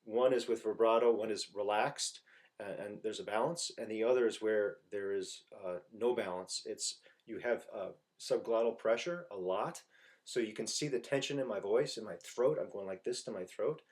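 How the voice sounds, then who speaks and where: A man giving an informal singing lesson, explaining slowly and haltingly and breaking into loud sung phrases to demonstrate. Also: on the low side. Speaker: voice teacher.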